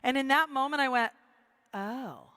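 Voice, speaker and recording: A woman's voice: high voice, unhurried, fairly bright tone, no echo. A middle-aged woman giving a motivational speech to a live audience, telling her story with quoted dialogue and emphatic repetition. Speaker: motivational speaker.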